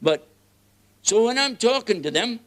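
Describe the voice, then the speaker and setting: A man with a Texan accent preaching a lively, joking sermon, often laughing and swinging between loud and soft. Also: very high voice, measured pace. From United States.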